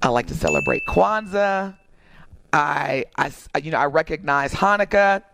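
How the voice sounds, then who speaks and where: A woman co-hosting a radio show in casual, playful chat and animated storytelling. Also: deep voice, moderate pace, gravelly, background noise.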